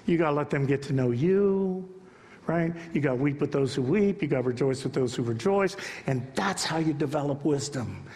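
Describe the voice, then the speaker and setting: This male pastor's voice is on the high side with a darkish tone, heard in a large hall. In the church sanctuary he preaches emphatically, mixing in casual asides to the congregation.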